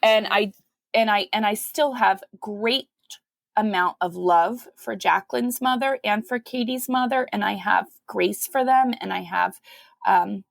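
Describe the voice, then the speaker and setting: Gravelly-voiced woman telling a story. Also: measured pace, no room sound. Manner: animated, acts out quoted voices with big pitch jumps. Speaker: podcast guest, mother of five. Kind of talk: conversational storytelling.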